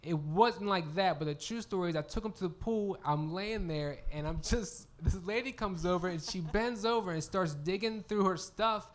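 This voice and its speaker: A stand-up comedian, a man with a fairly high voice, talks as a guest on a live comedy stage. He tells stories about his family in a loose, laughing way. He acts out what people said and swears freely. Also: moderate pace, hardly any pauses. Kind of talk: casual storytelling chat.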